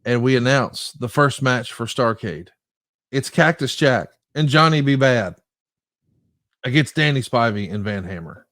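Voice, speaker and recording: A man co-hosting a podcast, briskly recapping wrestling matches in a lively, storytelling way. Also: medium pitch, no room sound, studio quality. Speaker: podcast co-host. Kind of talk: casual podcast chat.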